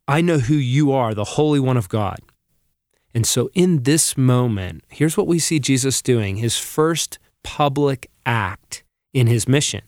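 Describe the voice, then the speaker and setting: A man co-hosting a podcast, earnestly teaching through Bible passages and reading scripture aloud at a slow, deliberate pace. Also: medium pitch, dry recording, studio quality. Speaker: podcast co-host.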